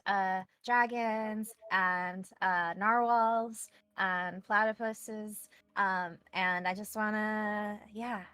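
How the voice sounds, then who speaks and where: A woman's voice: medium pitch, fairly bright tone, smooth, no echo. A woman playing a tabletop game, giving an eager, hesitant in-character confessional full of ums. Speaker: player voicing a camera operator character.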